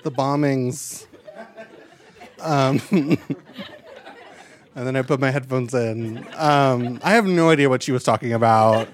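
Slow-talking stand-up comedian, mid-pitched man. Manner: chatty and self-deprecating, many fillers and asides. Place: live comedy stage.

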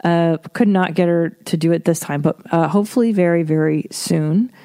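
A woman's voice: on the low side, normal speed, dark tone. A woman in her thirties hosting a podcast alone, talking in a frank, profane, self-deprecating and rambling way. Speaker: podcast host. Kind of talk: casual solo podcast monologue.

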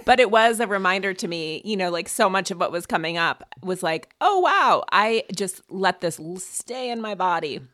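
A woman's voice: medium pitch, lively intonation, moderate pace, hardly any pauses, fairly bright tone, no echo. A woman hosting a podcast, telling a candid, self-deprecating story and laughing often. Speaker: podcast host. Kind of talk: casual conversation and read ad.

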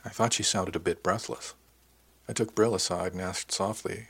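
A man narrating a first-person audiobook in a measured, descriptive manner. His voice is deep and husky. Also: fairly even intonation, fairly bright tone.

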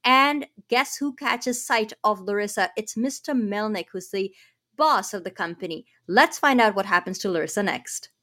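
A woman's voice: medium pitch, lively intonation, normal speed, sharp tone. A woman hosting a radio talk show, chatting conversationally and introducing segments. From Canada. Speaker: host.

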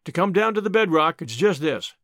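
A man voicing a rough, earnest gold-miner pleading for his partner, in a slow, halting frontier dialect. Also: fairly high pitch, big pitch swings, a bit bright, no room sound, clean studio sound.

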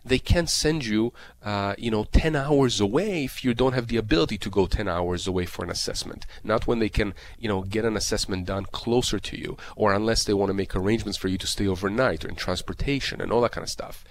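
Talking a little fast with hardly any pauses, a man with a lowish voice gives radio call-in advice as a disability lawyer guest expert. He explains disability insurance claims emphatically and repetitively, with many fillers.

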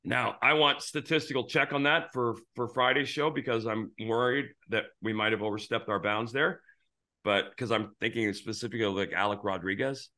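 A man's voice: medium pitch, steady tone, normal speed, pushed and bright. A middle-aged man hosting a baseball talk show, rambling through stories with many restarts. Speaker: podcast host, former pitcher. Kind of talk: casual sports talk.

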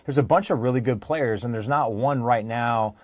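A man's voice: medium pitch, moderate pace, dry recording. A man who is a guest analyst on a sports talk show, chatting in an easygoing, joking way. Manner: easygoing, relaxed banter.

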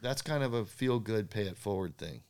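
A man, a surfboard craftsman, telling animated stories in an interview, acting out the dialogue and laughing at his own jokes. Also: lowish voice, moderate pace, clear, resonant tone. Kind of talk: storytelling in a podcast interview.

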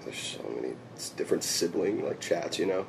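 Man in his 30s, rapid casual chatter, lowish voice, laughs easily. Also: vocal fry, a little hiss or hum. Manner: laughs often, animated, swears casually. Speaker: musician guest. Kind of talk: casual chat. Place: dressing room.

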